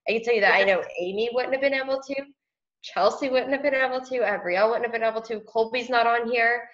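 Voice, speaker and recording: A woman's voice: fairly high pitch, quick pace. A woman leading a team video call, speaking casually and encouragingly with many "like"s. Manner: casual, soft-spoken, says "like" often. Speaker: team leader hosting a call. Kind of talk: casual motivational group call. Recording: dull lo-fi call audio.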